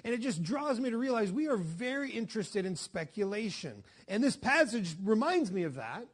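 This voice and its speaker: A man's voice: high voice, big pitch swings, moderate pace. A young adult male pastor preaching a conversational sermon with restarts and asides.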